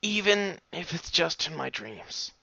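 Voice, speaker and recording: A man voicing a grieving young female pegasus pony in a fan fiction reading, speaking quietly with a halting, breaking voice. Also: on the high side, big pitch swings, creaky, dry recording, highs cut off, pitched above the performer's own voice, exaggerated voice. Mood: grieving, tearful. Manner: quiet, halting, broken speech. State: tearful, voice cracking.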